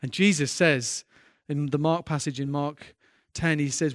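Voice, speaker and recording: A man's voice: fairly high pitch, fairly even intonation, a little slow, dry recording, studio quality. A man preaching a sermon as a pastor, earnest and impassioned, often restarting his sentences and building in intensity.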